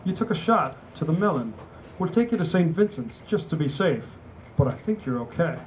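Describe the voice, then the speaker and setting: A man's voice: on the high side, sing-song, normal speed, slight background noise, voice pushed up, poor audio. A man reading aloud and voicing a breezy, chummy British rugby teammate with a British accent. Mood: teasing. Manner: chummy, teasing, upbeat. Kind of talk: live reading of a novel.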